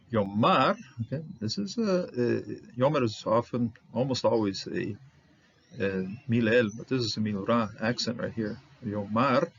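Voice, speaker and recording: A man teaching a Bible word study, halting with many fillers as he sounds out Hebrew words. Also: lowish voice, creaky, dull audio, slight background noise.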